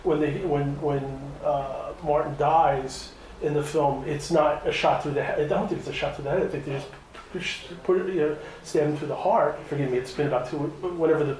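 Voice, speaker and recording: A man's voice: a little high, steady tone, fairly quick, a little mellow, slight background noise. A man interviewing filmmakers in a casual, rambling way, full of restarts and close to tears. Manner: rambling, many restarts, emotional. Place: hotel room at a film festival. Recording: very echoey room.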